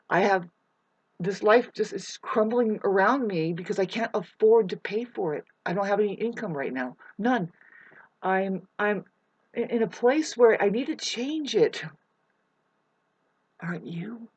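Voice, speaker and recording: A woman's voice: medium pitch, a little slow, husky, no echo, dull audio. A woman rambling through a casual vlog monologue, drifting between topics, chanting wordless syllables and swearing now and then. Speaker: self-styled influencer. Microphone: webcam.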